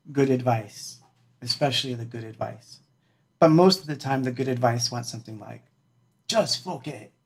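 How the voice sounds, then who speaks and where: A man's voice: medium pitch, darkish tone. A man, a musician hosting a livestream, chatting casually and rambling with lots of fillers and laughs.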